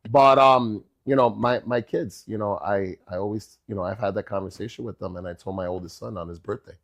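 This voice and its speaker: A middle-aged man, a chef and podcast guest, telling stories in a casual, animated way and often checking in with "bro" and "right?". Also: fairly low pitch, brisk. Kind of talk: casual storytelling chat.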